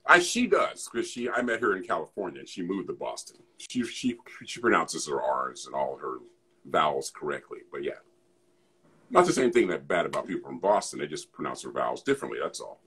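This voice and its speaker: A man's voice: very deep voice, very animated, brisk, sharp tone, slightly rough. A man in easygoing casual chat, telling stories as co-host.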